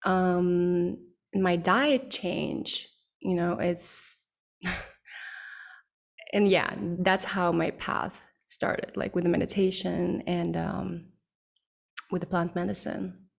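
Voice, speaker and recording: Woman guest talking real slow, kinda gravelly, lots of ums and pauses, chill podcast chat. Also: fairly low pitch, fairly even intonation. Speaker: podcast guest, mindset coach. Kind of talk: relaxed podcast conversation.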